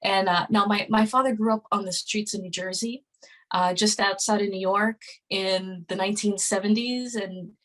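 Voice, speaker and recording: A woman's voice: mid-range voice, steady tone, normal speed, a bit bright, low-quality recording. A woman in her thirties speaking as a podcast guest, telling a story casually and earnestly, with many fillers and restarts. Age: 30s.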